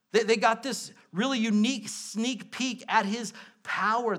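Bright high-voiced male preacher. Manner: conversational, animated preaching with asides and quick bursts. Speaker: pastor. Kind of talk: sermon.

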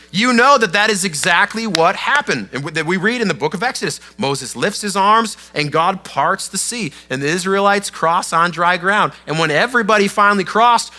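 A man preaching to his congregation in a conversational, animated storytelling way, with casual asides. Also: high-pitched, a little hiss or hum. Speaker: pastor. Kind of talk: sermon.

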